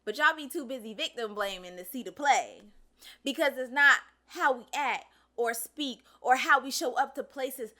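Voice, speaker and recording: A woman's voice: high voice, normal speed, bright, forceful tone. A woman hosting a commentary show, talking in a blunt, sassy and profane way. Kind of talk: casual social commentary.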